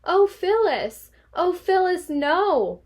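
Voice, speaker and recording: Woman reading as a flustered storybook dad, squeaky and high-pitched, close to tears. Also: very animated, slow, heavily acted. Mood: despairing. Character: despairing, bewildered dad, squeaky.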